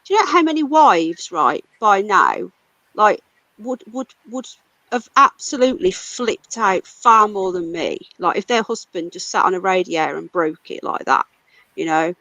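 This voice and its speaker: A woman's voice: mid-range voice, lively intonation, normal speed, bright, forceful tone, dry recording, low-quality recording. A British woman hosting a casual livestream, ranting angrily and swearing a lot. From United Kingdom. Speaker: livestream host.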